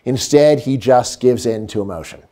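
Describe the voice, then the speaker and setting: A middle-aged man giving a lively, humorous economics lecture. He acts out quotes and sometimes drops to a hush. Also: medium pitch, moderate pace. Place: lecture hall.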